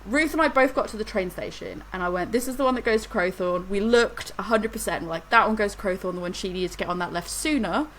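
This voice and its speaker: A woman's voice: mid-range voice, fast, few pauses, fairly bright tone, slight background noise, poor audio. A woman, co-hosting a podcast and telling a rambling story in casual chat. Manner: rambling storyteller, laughs through anecdotes. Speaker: podcast co-host.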